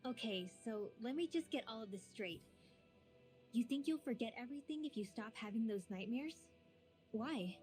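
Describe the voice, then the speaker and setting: A woman's voice: a little high, animated, normal speed, a little mellow, lightly acted. A woman voicing a dry, teasing young mage. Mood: reassuring. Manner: dry, teasing, matter-of-fact. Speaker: game character. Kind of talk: game dialogue acting. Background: game music.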